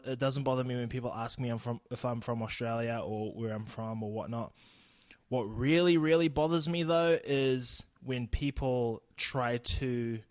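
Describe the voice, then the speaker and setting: Young kiwi guy ranting on his podcast, swears a lot, laughs it off, mid pitch, dry close sound. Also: no echo. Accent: New Zealand. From New Zealand. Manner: blunt, laughing, swears freely. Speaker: podcast host. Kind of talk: casual solo podcast monologue.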